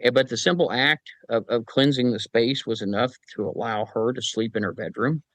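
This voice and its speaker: A man working as a paranormal investigator, telling anecdotes as a podcast guest in a relaxed way with wry humor. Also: mid-range voice, moderate pace, dry recording, poor audio. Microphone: podcast microphone.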